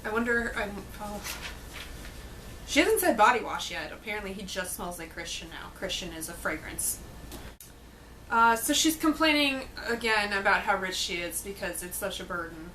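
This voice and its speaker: A woman's voice: mid-range voice, expressive, moderate pace, sharp tone, a little hiss or hum, poor audio. A young woman chatting casually to camera about a book, blunt, sarcastic and swearing freely. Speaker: book reviewer vlogger.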